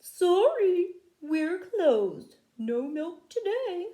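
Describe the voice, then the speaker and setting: A woman voicing a herd of polite but stubborn cows on strike, reading their letters in a squeaky, drawn-out storybook voice. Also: very animated, mellow, roomy sound, exaggerated voice. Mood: defiant.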